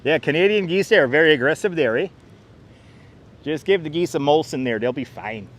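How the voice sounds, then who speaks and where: A man's voice: on the high side, lively intonation, brisk. A man voicing a jokey, folksy Canadian figure who tags "there" and "eh" onto every line. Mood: joking.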